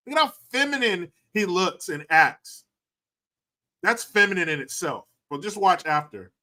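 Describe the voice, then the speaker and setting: Male livestream host, loose and crude, high-ish and expressive. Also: a little slow. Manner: profane, mocking, animated. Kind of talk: casual livestream commentary.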